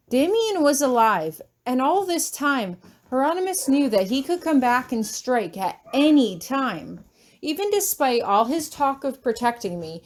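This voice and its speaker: Woman reading a first-person story. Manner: expressive, shrill when shouting. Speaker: audiobook reader of fan fiction.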